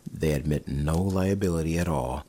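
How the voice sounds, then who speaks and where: A man voicing a formal company messenger in a storybook reading, quiet and measured. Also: very deep voice. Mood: solemn.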